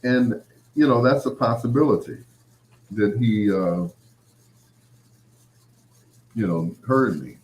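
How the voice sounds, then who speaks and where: A man's voice: fairly low pitch, expressive, slow, long pauses, darkish tone. A middle-aged man hosting a podcast, chatting loosely in a rambling way with lots of "you know" fillers and acted-out quotes. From Chicago area. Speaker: podcast host. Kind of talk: casual storytelling chat.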